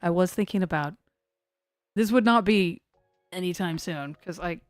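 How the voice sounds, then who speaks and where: A woman's voice: on the low side, normal speed, no room sound, faint music behind. A woman hosting a severe weather live stream, chatting loosely and poking fun at herself as she talks to her chat. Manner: rambling and self-mocking, talks to chat.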